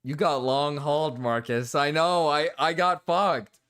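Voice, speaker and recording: A man live-streaming casually, reacting to videos and talking to chat, excitable and quick to yell, then sheepishly apologize. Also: fairly high pitch, clean tone. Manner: excitable, swings between yelling and sheepish apologies.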